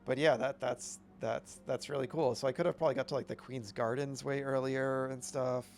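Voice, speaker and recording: A man's voice: medium pitch, steady tone, fairly quick, gravelly, darkish tone. A man streaming a video game, chatting casually with rambling, upbeat commentary. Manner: rambling, self-correcting, upbeat.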